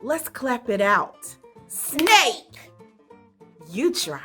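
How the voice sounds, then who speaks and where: A woman teacher leads small children through a phonics lesson, speaking high-pitched and very slowly over faint background music. Very animated and a bit bright, her voice swoops up and down in an encouraging, question-filled sing-song.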